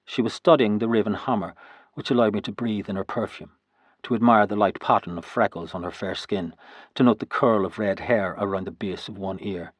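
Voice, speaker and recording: Male narrator, low voice, husky, first-person historical fiction, steady delivery, dry close recording. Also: brisk, no room sound. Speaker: audiobook narrator.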